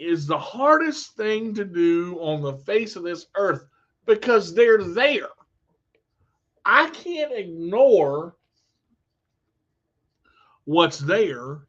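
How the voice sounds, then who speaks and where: A man's voice: high-pitched, fairly bright tone, lo-fi sound. A man vlogging in a candid, blunt monologue, telling personal stories with emphasis.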